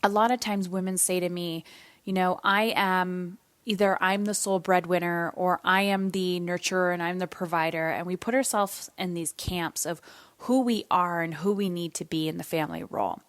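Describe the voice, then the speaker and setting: A tired woman in her thirties talks through a solo podcast episode in a candid, conversational way. Her voice sits low for a woman, and the sound is dry and close, with no room around it. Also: normal speed, no room sound. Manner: candid, conversational, with some swearing. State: yawning, tired. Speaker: podcast host.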